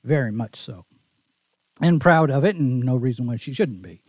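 A man's voice: mid-range voice, expressive, normal speed, darkish tone, breathy edge, dry recording. A man hosting a casual podcast chat with a faint Texas Southern accent, talking in a thoughtful, easygoing, rambling way. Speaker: show host.

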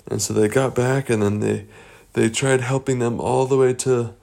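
Guy making up a bedtime story, gravelly voice, lots of ums. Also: fairly low pitch, fairly even intonation, darkish tone. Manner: rambling, halting with fillers.

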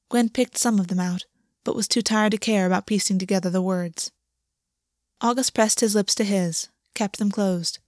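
Woman reading a story out loud, soft and even, medium pitch, super dry sound. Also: no echo. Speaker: narrator.

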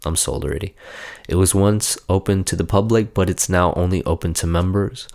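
A man's voice: sits low, fairly even intonation, normal speed, darkish tone. A young man hosting a podcast, rambling and swearing as he reads aloud from his phone and mocks himself. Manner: profane, rambling, self-mocking. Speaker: podcast host. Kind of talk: casual chat, reading aloud from a phone.

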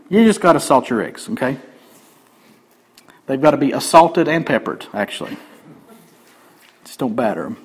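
Husky-voiced joking pastor. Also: male voice, medium pitch, animated, unhurried, long pauses. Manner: conversational, joking asides to the congregation. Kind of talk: sermon.

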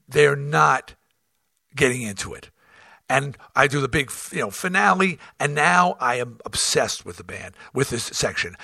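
Gravelly husky middle-aged guy, swearing his way through a story, dry close sound. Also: medium pitch, no echo. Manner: blunt, profane, animated storytelling. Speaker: host. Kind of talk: storytelling monologue.

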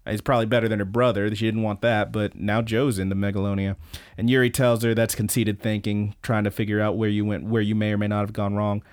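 A man co-hosting a podcast, casually recapping events in an excited play-by-play with some swearing. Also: lowish voice, quick pace, clear, resonant tone, no echo, studio quality. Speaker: podcast co-host.

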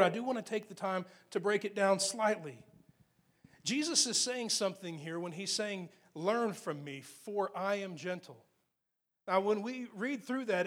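High-voiced man preaching with swelling emphasis. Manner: earnest preaching, swings from soft to emphatic; slows to read scripture aloud. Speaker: pastor. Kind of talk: sermon.

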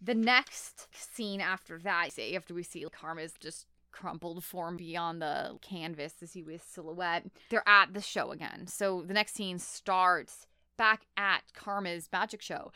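A woman's voice: fairly low pitch, unhurried, smooth, dry recording. A woman host in casual chat, recapping a show animatedly and saying "like" a lot. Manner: animated, heavy use of "like".

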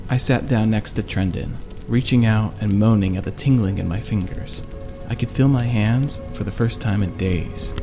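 A man narrating a first-person fantasy audiobook in a steady, even manner. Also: on the low side, moderate pace, over music.

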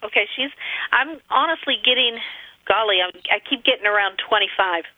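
A woman's voice: fairly high pitch, brisk. A woman calling in as a psychic over the phone, talking hesitantly, repeating herself and giggling between readings. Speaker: psychic caller. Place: her home. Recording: tinny muffled phone line.

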